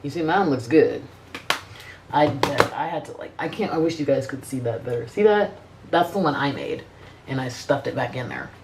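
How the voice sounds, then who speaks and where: A woman's voice: a bass voice, animated, moderate pace, gravelly, noisy background. A middle-aged woman chatting casually as a beauty vlogger, blunt and profane, rambling with frequent restarts. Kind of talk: casual makeup review chat.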